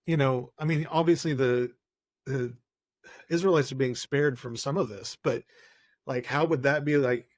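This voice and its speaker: A man co-hosting a podcast, questioning the text skeptically and talking in halting restarts. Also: medium pitch, fairly even intonation, no echo, clean studio sound. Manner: hesitant, skeptical, many restarts and fillers. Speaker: podcast co-host. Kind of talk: casual discussion.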